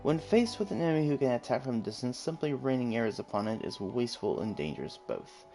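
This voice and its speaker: A calm, wise elf guildmaster, as a man puts him on speaks in a put-on British accent, formal and unhurried. He lectures on archery as in a video game, with faint game music underneath. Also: mid-range voice, close to an everyday voice. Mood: measured. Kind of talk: reading game dialogue aloud.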